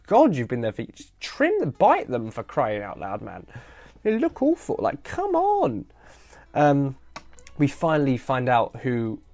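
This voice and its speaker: A man rambles through a late-night solo podcast, joking at his own expense and sounding tired and loopy. He talks into a headset mic at an ordinary middle pitch, with soft music faintly underneath. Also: dry recording. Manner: rambling, self-deprecating, jokey. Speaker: podcast host. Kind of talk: casual solo commentary.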